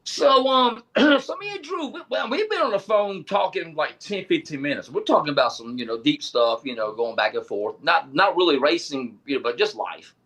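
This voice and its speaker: A man co-hosting a racing chat show, telling stories in a casual, animated way and laughing as he goes. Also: a little high, normal speed, hardly any pauses. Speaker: podcast co-host.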